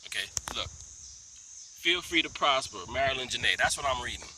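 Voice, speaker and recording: A man telling a story to his phone camera in a park, animated, mimicking others in high voices and dropping to whispers. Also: a little fast, slight background noise. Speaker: vlogger. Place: outdoor park, under a tree.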